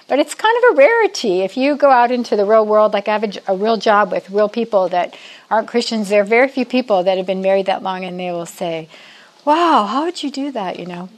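A woman in her sixties speaks to a women's Bible study in a casual, homey church-talk manner. She sounds a little nervous and restarts her sentences, but stays chatty and self-deprecating, with frequent small laughs. Her voice sits at an ordinary middle pitch for a woman. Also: animated, fast talker. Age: 60s.

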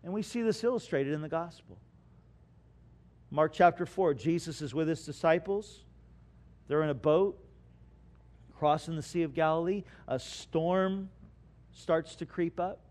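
High-voiced, unhurried preaching man. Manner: preaching with dramatic swings between quiet and loud; asks the congregation rhetorical questions. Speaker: pastor. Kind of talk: sermon.

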